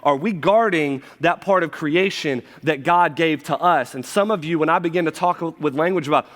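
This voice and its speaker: A man in his thirties preaching a sermon to his church, conversational, with quick asides and frequent restarts. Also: on the high side, a bit bright. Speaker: pastor. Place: church sanctuary. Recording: long hall reverb from a church.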